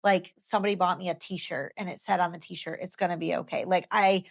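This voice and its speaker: A woman in her thirties tells her story of faith in an interview. Her voice sits low and carries a gravelly fry. She speaks earnestly and from the heart, and often repeats a phrase several times for emphasis. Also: steady tone, a little fast. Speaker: guest sharing her story.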